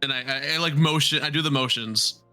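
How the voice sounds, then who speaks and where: A man joking in character during a tabletop game. His voice sits high and bright and swings widely, with faint music under it. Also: fairly quick. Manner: joking, playful. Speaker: player. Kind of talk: casual chat, in-character role-play.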